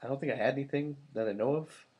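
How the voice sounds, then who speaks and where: A man's voice: medium pitch, quick pace, a little mellow, husky. A man co-hosting a casual podcast, mostly giving short, hesitant replies. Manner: brief agreeing replies, hesitant. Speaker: podcast co-host.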